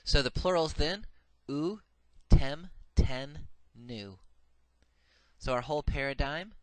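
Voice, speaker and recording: A Hebrew grammar teacher delivers a recorded lecture slowly in a slightly high voice, with no room sound. He is methodical and patient, says each form twice, and often fills gaps with "uh."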